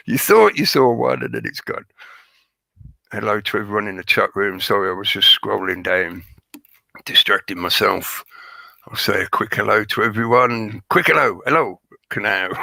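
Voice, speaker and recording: Male stream host, hoarse, gravelly, bright edgy tone, dry close sound, chatty and joking. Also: lowish voice, no echo. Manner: chatty, joking, greets viewers by name. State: hoarse, crackly voice. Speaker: livestream host. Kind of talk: rambling live-stream chat.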